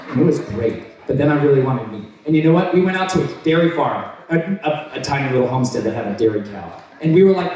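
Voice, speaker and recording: A man's voice: fairly high pitch, fairly quick. Intense man preaching in an echoey hall. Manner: intense, excitable, bursts into shouts. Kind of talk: storytelling sermon. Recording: very echoey, from far off.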